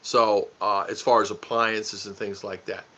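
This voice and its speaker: A man's voice: fairly low pitch, flat delivery, measured pace, a bit bright. A man hosting a casual livestream, joking, teasing and laughing as he answers viewer comments. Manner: goofy, teasing, laughs often. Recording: dull lo-fi stream audio.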